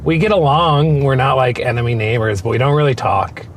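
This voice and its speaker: A male comedian chats on an outdoor walk with a wry, halting delivery at an even, middle pitch. He breaks off and restarts, then slips in dry jokes. There is faint traffic noise behind him. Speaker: comedian guest. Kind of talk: casual chat.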